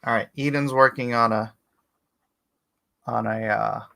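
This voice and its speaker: A man, a comic artist, chatting casually on a live stream while he inks, rambling and growing animated as he laughs through a story. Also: medium pitch, measured pace, vocal fry.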